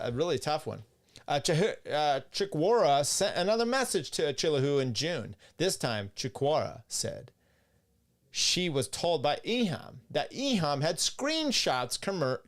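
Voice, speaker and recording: Sarcastic man reading court rulings aloud. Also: fairly high pitch. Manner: casual, rambling, with fillers and restarts. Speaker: podcast host. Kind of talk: livestream legal commentary.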